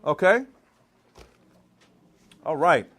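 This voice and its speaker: High-voiced preacherly vegan chef. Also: male voice, animated, very slow, fairly bright tone. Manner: preacherly, calls out to the crowd. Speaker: vegan chef giving a cooking demo. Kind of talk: lively cooking demonstration to a live audience. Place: church hall kitchen.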